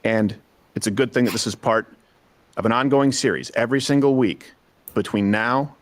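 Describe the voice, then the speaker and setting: A man's voice: mid-range voice, normal speed, dry recording. A male commentary host delivers scripted narration with emphasis, firing rhetorical questions at his listeners. His mid-range voice sits close and dry on the mic, with no room sound around it.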